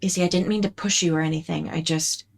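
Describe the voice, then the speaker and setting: An apologetic young woman rushes through her words, as a woman puts her on. Her voice is fairly low. It is a tabletop game character. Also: fairly even intonation, vocal fry. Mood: anxious.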